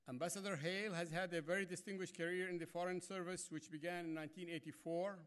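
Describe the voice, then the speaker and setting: A man formally introduces a speaker in a ballroom, measured and a bit hesitant. His voice sits somewhat high for a man. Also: a bit bright. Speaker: organization president introducing a speaker.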